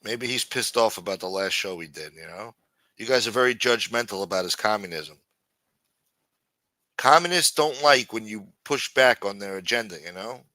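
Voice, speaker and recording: A man's voice: on the low side, expressive, normal speed, bright, forceful tone, no echo. A man hosting a livestream show in casual, rambling chat, cursing freely and saying "you know" a lot.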